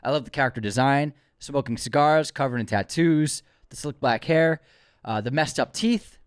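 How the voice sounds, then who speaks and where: A man's voice: mid-range voice, moderate pace, smooth, no echo, clean studio sound. Enthusiastic teasing male podcast co-host. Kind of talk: casual chat.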